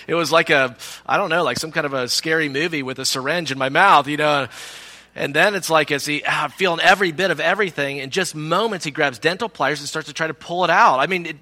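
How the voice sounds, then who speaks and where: A man preaching a sermon as pastor, telling a personal story in an animated way and acting out the people in it. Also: a little high, quick pace. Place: church sanctuary. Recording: long reverb of a large hall.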